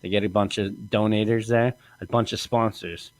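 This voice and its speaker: A man's voice: on the low side, steady tone, normal speed, no echo. A man hosting a podcast, telling a crude comic story in a rambling way and laughing often. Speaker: podcast host.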